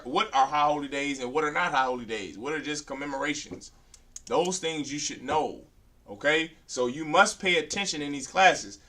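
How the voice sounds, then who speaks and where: A man's voice: fairly high pitch, pushed and bright, distant mic. A man teaching a beginner language class, drilling letters aloud and then lecturing firmly.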